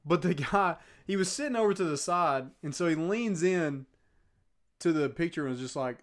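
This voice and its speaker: Relaxed casual man, slightly high voice. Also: normal speed. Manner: relaxed, trailing off quietly, laughing. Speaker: podcast co-host. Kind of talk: casual chat.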